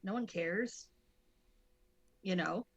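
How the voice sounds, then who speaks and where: Speaking slowly with vocal fry and a slightly rough, medium-pitched voice, this woman is a guest co-host on a wrestling podcast. She chats casually and rambles, filling gaps with fillers and restarting sentences, and every so often she breaks into excited shouting.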